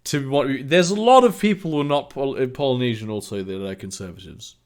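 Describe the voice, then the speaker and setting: A man's voice: medium pitch, expressive, fairly quick, a little mellow. A man doing a mocking comedic reading of fan fiction, breaking off for sarcastic, incredulous asides. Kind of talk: mocking dramatic reading with commentary.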